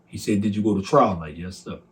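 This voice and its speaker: A man in his forties telling his personal testimony, softly and earnestly recounting a conversation by voicing each side. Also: lowish voice, quick pace. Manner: recounts dialogue by voicing both sides, soft and earnest. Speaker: testimony speaker.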